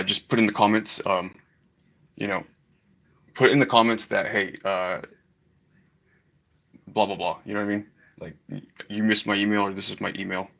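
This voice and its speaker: A man's voice: on the low side, vocal fry, a bit bright. A man live-streaming to his paid class, talking in an agitated way with lots of swearing and repeated apologies to his viewers. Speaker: livestreamer teaching a paid online class.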